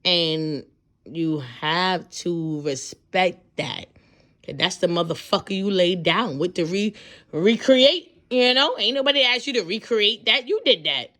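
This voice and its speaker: A woman in her thirties with a lowish voice delivers an unhurried but loud, profane, and animated pep talk as a tarot reader. She acts out different voices as she goes.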